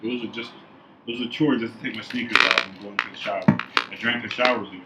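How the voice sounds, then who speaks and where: A man in casual chat who agrees calmly and adds short, level-headed remarks. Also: mid-range voice, fast talker. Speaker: podcast co-host. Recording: dull lo-fi sound with clear background hiss.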